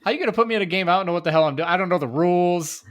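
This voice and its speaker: A man co-hosting a podcast with a slightly higher voice than most men. He chats casually and keeps a laid-back, easygoing manner. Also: rapid-fire, a bit bright. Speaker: podcast co-host. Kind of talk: casual chat.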